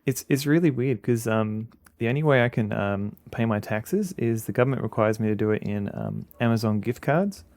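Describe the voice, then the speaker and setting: A man with an Australian accent streaming a game, chatting casually in a halting, rambling way with many fillers. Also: mid-range voice, animated, darkish tone, no room sound. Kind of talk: casual commentary while playing a game.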